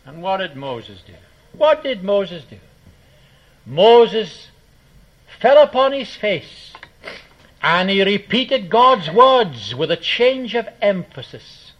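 A man preaching a sermon, telling stories with acted quotes and sudden shifts between loud and soft. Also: sits high, lively intonation, takes it slowly, pauses often. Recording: dull lo-fi sermon recording.

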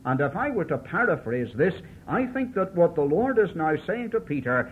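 A man's voice: fairly high pitch, sing-song, moderate pace. A man preaching an expository Bible sermon, declaiming and rising in emphasis as he quotes scripture. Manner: declaiming with emphatic rises when quoting scripture. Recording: tinny lo-fi old tape recording with faint hiss.

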